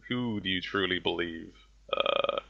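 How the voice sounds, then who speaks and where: A man's voice: deep voice, creaky, full character voice. A man voicing a callous ancient heretic sorcerer. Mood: menacing. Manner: slow, grandiose villain speeches. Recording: dull lo-fi audio.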